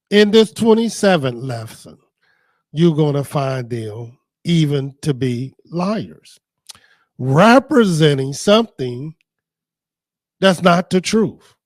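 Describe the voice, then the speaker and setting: Guy preaching scripture real slow and emphatic, dry close sound. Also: on the high side, no echo. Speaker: teacher. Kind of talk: scripture teaching.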